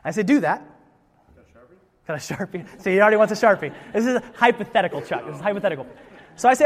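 Lively high-voiced preaching man. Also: rapid-fire, long pauses, big-room sound. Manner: lively, conversational preaching with playful asides. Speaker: pastor. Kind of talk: sermon.

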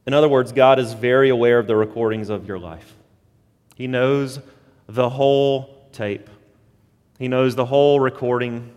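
A man's voice: mid-range voice, fairly even intonation, normal speed, a little mellow, smooth, in a large hall. A man preaching a sermon as pastor, earnest and building to emphatic points.

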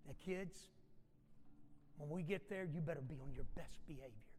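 A woman's voice: deep voice, normal speed, darkish tone, long reverb tail, voice pushed down, lightly acted. A man acting out a stern mother who firmly warns her children how to behave at a party, in a sermon. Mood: stern warning. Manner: firm, warning.

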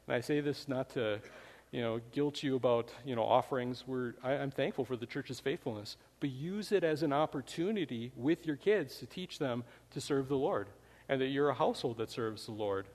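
A man's voice: mid-range voice, moderate pace, a little mellow. A man preaching a sermon in a church, speaking conversationally with many "you know" fillers. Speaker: pastor. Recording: long hall reverb.

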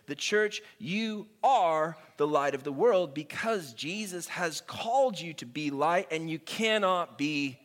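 A man preaching a sermon in a playful, emphatic way, slowing down with dramatic pauses to stress his points. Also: sits high. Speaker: pastor.

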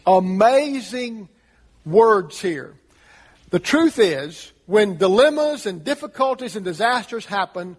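A man's voice: high-pitched, lively intonation, a little slow. A man preaching a sermon as pastor, earnest, asking the congregation rhetorical questions. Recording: long reverb of a large hall.

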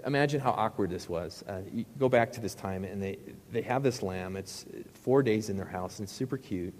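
A man's voice: fairly low pitch, fairly quick, a little mellow, in a large hall. A middle-aged male pastor preaching a sermon in a conversational, joking way, with rhetorical questions to the crowd.

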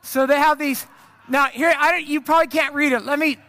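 A pastor from the of America, a man with a very high voice, tells a self-mocking story from the pulpit. His sound is bright and forward. He chats with the congregation in a loose, casual sermon. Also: steady tone, fairly quick, a little hiss or hum.

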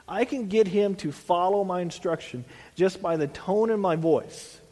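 A man's voice: high voice, measured pace, mellow, in a large hall. A man preaching a sermon as a pastor, earnest, restarting phrases and dropping in "you know" asides.

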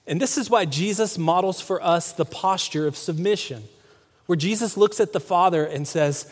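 In a church sanctuary with long hall reverb, a male pastor preaches a conversational sermon, often putting questions to the congregation. His voice is fairly high and animated, at a moderate pace.

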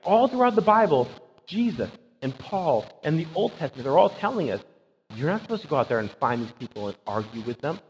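A man's voice: on the high side, sing-song, brisk, slight background noise. A man preaching a conversational sermon as pastor, emphatic and often checking in with a rhetorical "right?". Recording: dull sound with long hall reverb.

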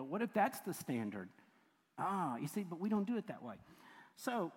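A man preaching a sermon as pastor, chatty, laughing often and breaking off mid-sentence. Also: high voice. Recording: long reverb of a large hall.

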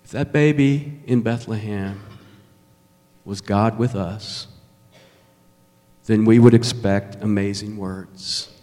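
A man preaching a sermon as pastor, emphatic and measured, with dramatic pauses. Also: fairly low pitch, steady tone, a little mellow. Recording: long reverb of a large hall.

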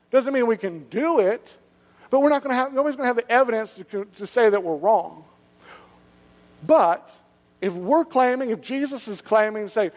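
A man preaching a sermon as pastor, animated and conversational, asking the listeners rhetorical questions. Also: very high-pitched, big-room sound.

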